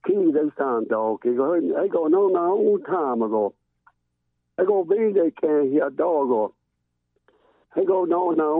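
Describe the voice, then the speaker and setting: A man with a gravelly, fry-heavy voice prays over the phone from inside his car. The sound is tinny and dry, squeezed through a phone line, and he talks haltingly, repeating words and circling back as he goes. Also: fairly high pitch, dry recording. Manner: halting and repetitive, restarting words. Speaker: caller giving an opening prayer. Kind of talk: spoken prayer over the phone. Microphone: phone call.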